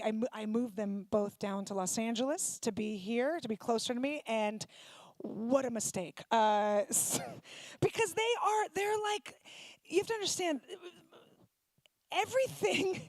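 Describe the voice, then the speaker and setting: Woman stand-up comic, high voice, brash and profane crowd work. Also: no room sound. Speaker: stand-up comedian. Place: synagogue comedy night stage.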